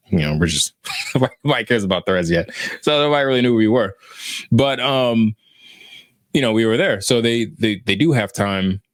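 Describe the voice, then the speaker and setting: A man in his thirties telling a story casually on a podcast, animated and self-mocking, laughing as he goes. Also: low-pitched, dry recording, studio quality. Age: 30s. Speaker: podcast host.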